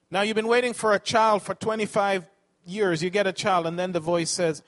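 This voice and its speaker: A man's voice: sits high, normal speed. A man preaching a sermon, asking the congregation questions and correcting himself as he teaches.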